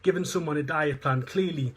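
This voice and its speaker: Man, Northeast English accent, fitness coach, seminar talk, slightly high, husky, earnest. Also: a little fast. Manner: earnest, repetitive explaining with fillers. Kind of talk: live online seminar talk.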